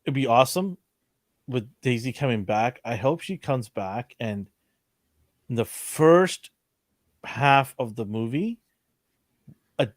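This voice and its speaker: A man's voice: medium pitch, lively intonation, slow pace, pauses often, no room sound, clean studio sound. Opinionated man ranting in casual chat. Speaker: podcast co-host.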